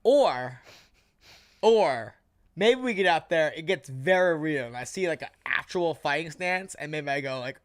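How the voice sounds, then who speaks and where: A young man co-hosting a podcast, telling stories in an animated way and swearing freely. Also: on the high side, a little slow. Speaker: podcast co-host and fighter. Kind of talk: casual chat, telling a story.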